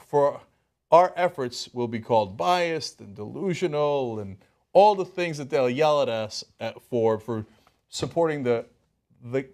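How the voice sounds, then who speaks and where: A man hosting a political talk show, giving animated and worked-up commentary. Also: medium pitch.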